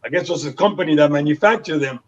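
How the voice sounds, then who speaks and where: Older man from Panama, a high voice on a dull lo-fi recording, animated storyteller. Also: racing. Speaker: guest. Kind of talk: storytelling interview. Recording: dull lo-fi sound.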